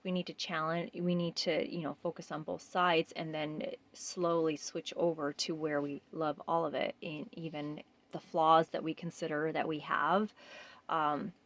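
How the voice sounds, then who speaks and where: A woman gently leading a self-love mirror exercise, speaking earnestly with frequent pauses and fillers. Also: low voice, little pitch movement. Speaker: self-care guide.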